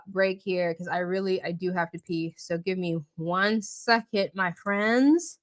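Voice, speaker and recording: A woman hosting a live stream, out of breath and laughing as she reads viewer comments aloud and answers them by name. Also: mid-range voice. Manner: chatty, laughs often, warmly addresses chatters by name. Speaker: livestream host.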